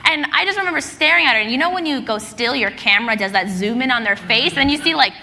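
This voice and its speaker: A young woman telling stories on a convention panel, animated, laughing and acting out her reactions. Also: high-pitched, fast. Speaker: panelist, role-play streamer. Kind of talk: panel storytelling on stage. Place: large convention hall stage. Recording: convention hall with crowd noise.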